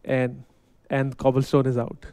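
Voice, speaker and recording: Calm co-caster man, mellow. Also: mid-range voice, clean tone. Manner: measured, practical, keeps the show on schedule. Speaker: esports co-caster. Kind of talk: live esports commentary.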